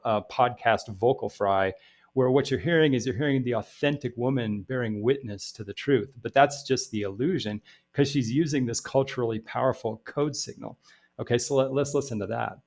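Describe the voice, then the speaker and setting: A man giving a rambling commentary, halting and repetitive, full of restarts and fillers. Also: mid-range voice.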